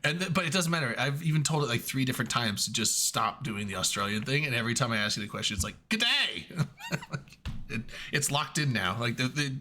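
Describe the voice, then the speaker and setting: Bright-voiced man swearing through casual chat. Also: medium pitch, slight background noise. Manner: profane, storytelling, quick bursts. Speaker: podcast co-host. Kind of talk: casual chat while gaming.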